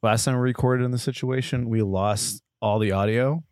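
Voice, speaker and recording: A man's voice: medium pitch, steady tone, normal speed, darkish tone, no room sound, clean studio sound. A man co-hosting a podcast in casual chat, teasing and playful. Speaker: podcast co-host.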